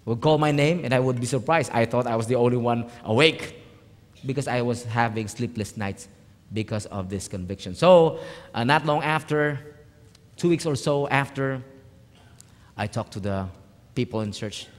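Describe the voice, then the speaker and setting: A man, a pastor telling a personal story in a sermon, swinging from hushed lines to loud emphatic ones. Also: medium pitch, moderate pace. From Philippines. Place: church hall. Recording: reverberant church hall.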